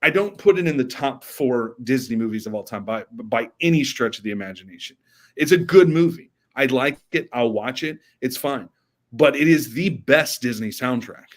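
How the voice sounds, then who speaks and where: An excitable young man talking in a casual podcast chat. He gushes about music, sometimes singing a line or scatting, and his pitch stays in a middle range. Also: moderate pace. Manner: enthusiastic, sings snatches of songs. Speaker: podcast co-host.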